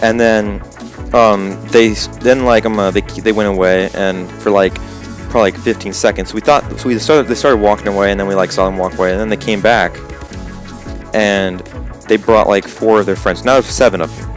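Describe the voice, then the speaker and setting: A man's voice: fairly low pitch, steady tone, fairly quick, faint music behind. Rambling teen guy telling a story. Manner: rambling, full of "like" and "um". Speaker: gaming channel host. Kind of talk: casual storytelling to camera.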